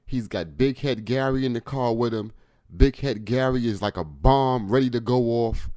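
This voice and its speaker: A man's voice: medium pitch, moderate pace, warm tone, dry recording. Man w/ AAVE breaking down a street story, dry close sound, pushy emphatic delivery. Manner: emphatic, addresses listeners directly. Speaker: host.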